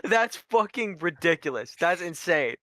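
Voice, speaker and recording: Bright-voiced podcast guest, mid pitch. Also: expressive, dry recording, clean studio sound. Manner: reacts with laughs and quick asides. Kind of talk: casual chat.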